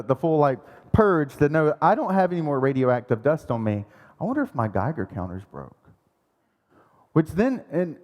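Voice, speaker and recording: A high-pitched man preaching in a church. He is animated and self-mocking, acting out sounds and panic as he tells a story. His voice rings out with a long echo through a large hall. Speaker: pastor. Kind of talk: sermon storytelling.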